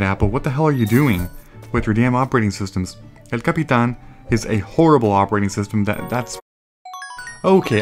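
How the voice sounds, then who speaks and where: A young man doing let's play commentary at home, rambling and ranting and breaking off with exclamations at the game. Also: mid-range voice. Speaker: gaming YouTuber. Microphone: desktop USB microphone. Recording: crackling, popping home mic.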